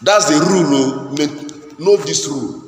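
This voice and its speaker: A man's voice: on the high side, measured pace. A man teaching an English grammar class, often asking the class "what?" and then answering himself, with many repeats and restarts. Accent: Nigerian English. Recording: echoey classroom with faint noise.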